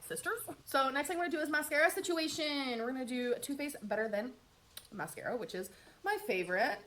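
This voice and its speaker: A woman's voice: sits high, fairly quick, fairly bright tone, a little hiss or hum. A woman chatting through her makeup routine in a get-ready-with-me vlog, upbeat and talkative, with wry sarcastic asides. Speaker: beauty vlogger.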